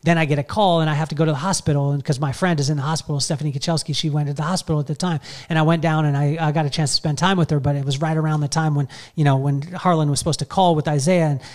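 A middle-aged man recounts a personal story in a loose, animated podcast style. His voice sits a touch higher than most men's, and he rambles on with plenty of fillers and false starts. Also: rapid-fire, hardly any pauses. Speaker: podcast host telling a story. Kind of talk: casual storytelling.

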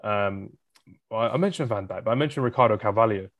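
A man's voice: lowish voice, brisk, lo-fi sound, background noise. A man co-hosting a casual football podcast, talking enthusiastically and rambling through lists of players. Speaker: podcast co-host.

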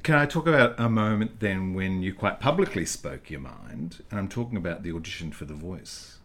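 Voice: low-pitched, expressive, normal speed. An interviewer asking a guest about her career and praising her. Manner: encouraging, warm praise. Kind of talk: casual interview.

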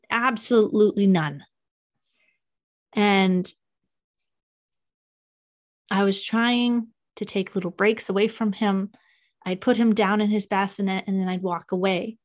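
A young woman hosting a podcast, telling a painful personal story in a halting, emotional confession. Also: mid-range voice. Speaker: podcast host.

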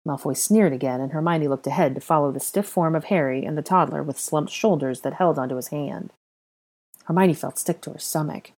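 A woman narrating a story in a low, darkly mellow voice. Her reading is steady and even, with the calm pace of an audiobook. It suits long storybook passages. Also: fairly quick. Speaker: reader. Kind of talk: audiobook reading of fan fiction.

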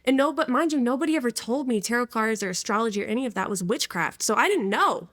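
A woman in her twenties tells her personal testimony as a guest, chatting casually with plenty of slang and easy laughter. Her voice sits a little high, and the recording is dry and close. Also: fast, no echo. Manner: lively, laughs often, slangy. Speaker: interview guest.

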